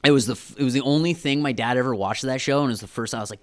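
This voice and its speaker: A man's voice: mid-range voice, rapid-fire, dry recording. Rambling young Canadian man telling stories. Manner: rambling storyteller, many fillers and restarts. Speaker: guest, filmmaker. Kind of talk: casual podcast chat.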